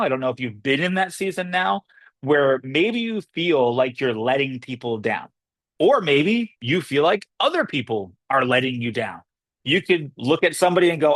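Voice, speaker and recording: A man delivering a motivational business talk in a fairly high voice. He speaks conversationally and repeats himself for emphasis, slipping into other people's reactions as he goes. The sound is dry and close. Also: animated, measured pace, a bit bright, dry recording.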